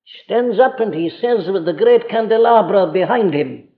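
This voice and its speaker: Male preacher, earnest and emphatic, fairly high voice, long hall echo, dull archive sound. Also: animated, normal speed. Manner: earnest, emphatic, rhetorical questions, acts out quoted voices. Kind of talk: sermon.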